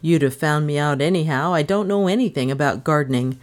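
A woman's voice: low-pitched, close to an everyday voice. A woman playing a stammering young gardener. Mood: frank. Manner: hesitant, stammering, halting. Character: nervous young man posing as gardener.

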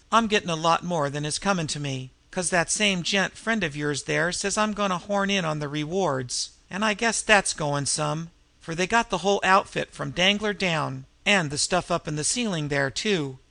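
Give me a man doing a slangy, nervous young street crook with a bright, gravelly voice. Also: fairly high pitch, moderate pace, dry recording. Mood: earnest. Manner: street slang, dropped g's.

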